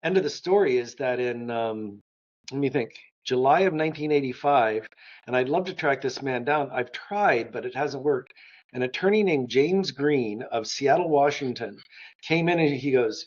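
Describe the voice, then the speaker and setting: An older man spins his stories with eager enthusiasm, slipping into the voices of the people in them. The sound is close and dry, a little dull and lo-fi, as though the highs were shaved off. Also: moderate pace, no room sound. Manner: enthusiastic anecdotes, acts out dialogue. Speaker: guest art historian. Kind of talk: storytelling interview.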